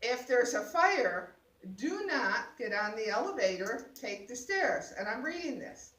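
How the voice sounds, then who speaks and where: An older woman telling a lively personal story, laughing often and acting out what people said. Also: fairly high pitch, a little slow. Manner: laughing, exclaiming, acts out voices. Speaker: guest sharing a personal story. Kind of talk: animated storytelling. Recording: roomy sound, mic at a distance.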